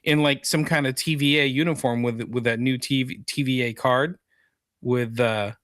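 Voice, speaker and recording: A man's voice: mid-range voice, steady tone, normal speed, a bit bright, no echo, studio quality. A man co-hosting a podcast, easygoing and agreeable in casual chat. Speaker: podcast co-host.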